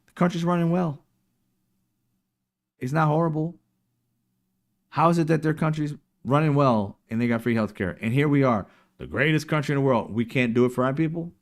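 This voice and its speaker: A man's voice: on the high side, normal speed, long pauses. A man hosting a casual political livestream, talking emphatically and mocking his opponents in put-on quotes. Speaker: political commentary show host.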